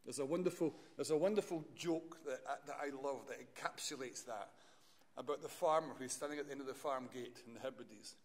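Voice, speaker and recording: A man's voice: mid-range voice, brisk. Man, university lecturer, chatty rambling delivery, frequent restarts, long hall reverb. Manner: rambling, self-correcting, chatty. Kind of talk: lecture talk.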